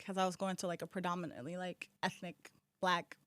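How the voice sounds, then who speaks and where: A woman's voice: lowish voice, brisk, dry recording, studio quality. A young American woman chatting casually as a guest, telling stories with lots of restarts and "like". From United States. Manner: animated storytelling with many restarts and "like". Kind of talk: casual chat.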